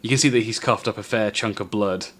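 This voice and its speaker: A man narrating a tabletop game as game master, telling the scene in an unhurried, descriptive way. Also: on the low side, fairly bright tone.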